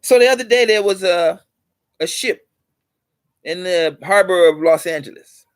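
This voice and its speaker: A man with a high voice, preaching to the camera in a repetitive, insistent way. He spins little stories to make his point. The sound is dry and close, with no room echo. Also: unhurried. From United States. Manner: preachy, repeats points for emphasis; tells allegorical stories. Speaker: channel host. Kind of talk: motivational vlog talk.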